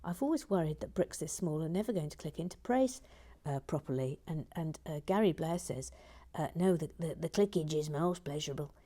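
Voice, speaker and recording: A woman hosting a live building stream, chatting casually in a soft, often half-whispered voice as she reads out viewer comments. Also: low voice, animated, brisk.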